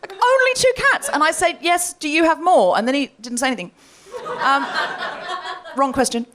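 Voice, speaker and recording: A woman hosting a live comedy podcast, telling a story on stage with lots of laughing and animated delivery. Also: high-pitched, normal speed, noisy background.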